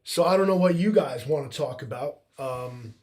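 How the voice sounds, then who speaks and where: A man's voice: medium pitch, animated, normal speed, a little mellow, husky. A young man co-hosting a livestream who rambles in a loose, laid-back way, full of likes and ums. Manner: laid-back, meandering, with a lot of filler. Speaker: livestream co-host. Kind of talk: rambling casual chat.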